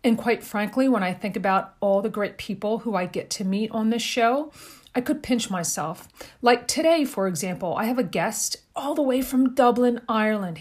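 Chatty excited woman hosting a podcast, gushing. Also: a little high. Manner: enthusiastic, effusive. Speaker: podcast host. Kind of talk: upbeat podcast interview.

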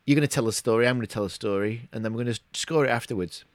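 A man's voice: mid-range voice, very fast, no room sound. A middle-aged man co-hosting a podcast, rambling in casual chat with lots of restarts and hesitations. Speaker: podcast co-host.

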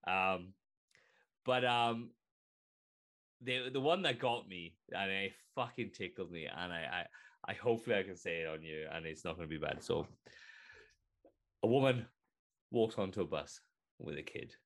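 A man's voice: sits low, normal speed, pauses often, fairly bright tone. Give me a man co-hosting a podcast, telling a rambling, sweary story. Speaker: podcast co-host. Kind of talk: casual podcast chat.

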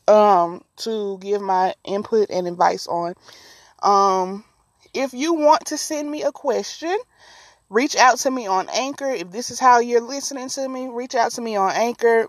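A woman hosting a casual storytelling podcast, animated and slangy, laughing often. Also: on the high side, dry recording. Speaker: podcast host.

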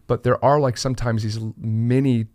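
A man's voice: mid-range voice, fairly even intonation, normal speed, a little mellow, no room sound. A man co-hosting a church podcast, talking earnestly with many fillers and restarts. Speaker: pastor, podcast co-host. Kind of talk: conversational church podcast discussion.

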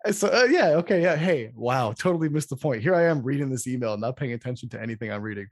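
Gravelly man telling a profane story. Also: medium pitch, fast, no echo. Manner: profane, rambling, animated storyteller. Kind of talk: casual storytelling chat.

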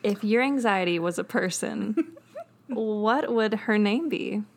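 Slow-talking woman co-host, high lively pitch, faint hiss behind. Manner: giggly, lively listener. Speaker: podcast co-host. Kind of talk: casual chat.

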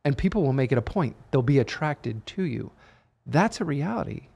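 A man's voice: medium pitch, big pitch swings, moderate pace, gravelly, a little mellow. A man co-hosting a podcast, talking in a casual, emphatic and motivational way. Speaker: podcast co-host. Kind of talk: casual chat.

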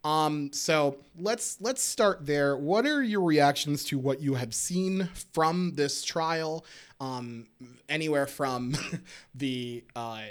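A podcast host leading a casual chat, animated and laughing often, swearing freely and steering the conversation between topics. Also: mid-range voice.

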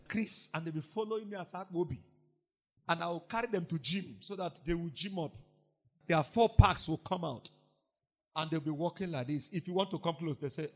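A man preaching a sermon as pastor, swinging from loud emphatic lines to low mocking asides.

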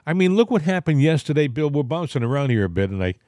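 A man's voice: fairly high pitch, sing-song, quick pace, a little mellow, no echo, studio quality. A man with a Boston accent hosting a political talk show, rambling and indignant with plenty of filler words. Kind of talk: casual political chat.

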